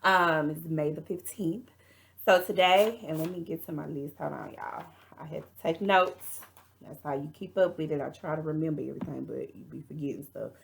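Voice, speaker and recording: Woman, Texas accent, casual vlog review, opinionated, deep voice, vocal fry. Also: moderate pace, a little hiss or hum. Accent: Texan. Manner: chatty, opinionated, talks straight to viewers. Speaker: reality TV reviewer.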